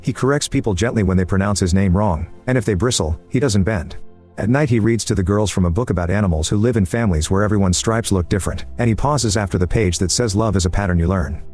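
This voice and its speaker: Male narrator, steady scripted reading, brisk delivery, slightly low register. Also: breathy edge. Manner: even, measured reading with dry similes. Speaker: story narrator. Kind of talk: scripted first-person story narration. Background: faint background music.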